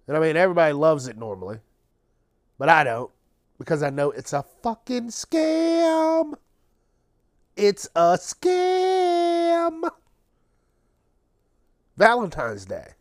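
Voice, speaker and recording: Tired male podcast host, slow and profane, sarcastic solo rant, dry close mic. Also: a little high, no room sound. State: tired, late at night. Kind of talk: casual solo monologue.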